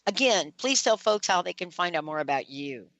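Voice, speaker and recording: A woman hosting a radio talk show, chatty and animated as she tells a story. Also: on the low side, normal speed, no echo. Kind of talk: casual radio interview.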